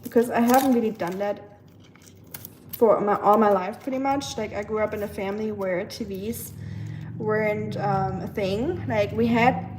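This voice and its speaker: In her German accent, a young woman from Germany hosts a casual livestream chat with viewers, chatty, somewhat rambling and self-mocking. She speaks at a medium pitch and normal speed, with background noise present.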